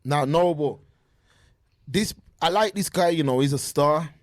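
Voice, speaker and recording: A man's voice: a little high, measured pace, dry recording. Chatty man on a dry call mic. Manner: animated, talks over himself with restarts. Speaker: podcast co-host. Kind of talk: casual sports chat. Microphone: remote call mic.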